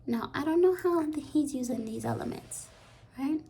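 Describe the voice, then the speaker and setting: A woman giving a rambling, soft-spoken tarot reading that often slips into a half-whisper. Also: sits high, animated, moderate pace, slight background noise. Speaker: tarot card reader. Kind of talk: intuitive pick-a-card reading.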